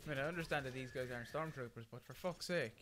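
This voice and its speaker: A young gaming YouTuber gives frustrated commentary on a shooter, swearing loudly and muttering exasperated asides in a quick, mid-range voice. Game music and gunfire create heavy background noise.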